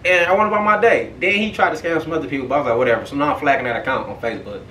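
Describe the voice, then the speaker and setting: Young guy podcast host, cussing and hyped storytelling, brightish voice, sounds far off in a roomy space. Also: on the high side, very fast, a little hiss or hum. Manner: animated, profane, repeats "right?". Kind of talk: casual storytelling. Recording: echoey room, far from the mic.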